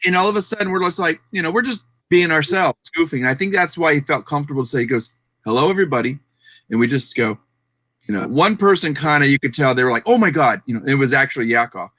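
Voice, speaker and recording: A man telling stories in a casual online hangout, animated and chatty. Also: a little high, fast talker, no echo. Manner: animated storyteller. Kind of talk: casual chat.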